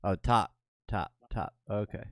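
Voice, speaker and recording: A man's voice: on the low side, a little slow, no echo, studio quality. A man hosting a casual trading chat, joking and curious, asking questions. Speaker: host.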